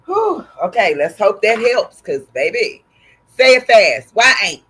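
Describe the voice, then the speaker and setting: A woman's voice: medium pitch, very animated, slow, husky. Texan woman hosting a craft livestream, sore throat, chatty and friendly with viewers. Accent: Texas. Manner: chatty, greets viewers warmly by name. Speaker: embroidery livestream host. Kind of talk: casual livestream chat with viewers.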